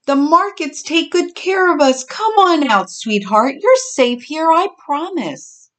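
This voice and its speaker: A woman's voice: on the high side, very animated, measured pace, voice pushed up. A woman voicing a caring mother pig with a soothing, motherly way of talking, in a storybook reading.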